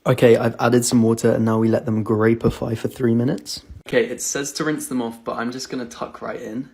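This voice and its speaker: A man talking in a casual, excitable vlog style, filming himself on a phone at home and out at a farm. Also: brisk, gravelly. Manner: chatty and excitable, coos high at animals. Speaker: vlogger.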